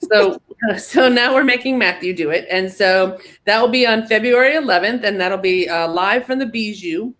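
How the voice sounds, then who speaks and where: A woman announcing club events in a casual meeting over a video call, quick and upbeat with a joking touch. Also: medium pitch, a bit bright. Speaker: events presenter.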